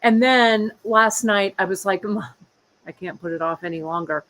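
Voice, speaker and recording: Speaking at a moderate pace in a slightly bright, mid-range voice, a woman in her fifties runs a live beading show. She chats loosely and meanders, addressing both viewers and her cat from an indoor workshop bench. The recording sounds rough.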